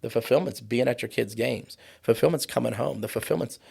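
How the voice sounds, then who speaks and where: A man in his forties, a podcast guest talking about trauma in an impassioned, preachy way, slowing down for emphasis. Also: medium pitch, vocal fry, a little mellow, husky. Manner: fired-up, preachy, slows down for emphasis. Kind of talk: impassioned conversational podcast talk.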